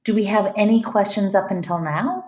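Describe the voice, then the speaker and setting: Speaking in a mid-range, faintly mellow voice at an even pace, this middle-aged woman lectures her class conversationally and checks on her students. It's captured in a dull, echoey lo-fi room recording.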